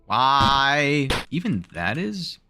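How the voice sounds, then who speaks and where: A man's voice: mid-range voice, big pitch swings, drawn-out words, background noise. A man with a Southern drawl giving live gameplay commentary, thinking aloud in rambling self-talk, his voice wearing out. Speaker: streamer.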